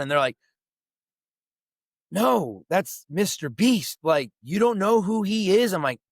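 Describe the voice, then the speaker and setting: Gruff storytelling veteran, swearing freely. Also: male voice, on the high side, expressive, unhurried, dry recording. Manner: swears freely and acts out quoted voices. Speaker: podcast guest, military veteran. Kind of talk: casual storytelling chat.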